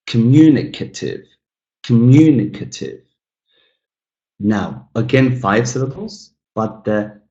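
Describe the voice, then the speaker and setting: A man's voice: fairly low pitch, reverberant, rough recording. A man teaching an English webinar, saying each example word twice and chatting to the learners as guys. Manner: drills each word twice, slow and careful. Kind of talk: webinar lesson.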